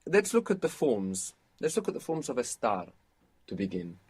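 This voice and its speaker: A man with a slightly husky voice gives a spoken language lesson. He explains points patiently and prompts his learner to answer and repeat. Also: mid-range voice, sing-song, normal speed, darkish tone. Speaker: language teacher.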